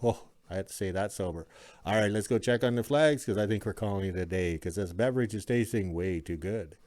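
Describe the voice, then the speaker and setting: A man's voice: fairly low pitch, brisk, darkish tone, dry recording. A man rambling in a folksy, casual way as he shows his workshop and yard. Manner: rambling, folksy, self-correcting. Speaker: vlogger, homesteader. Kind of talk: casual walk-around narration. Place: workshop and yard in the cold north.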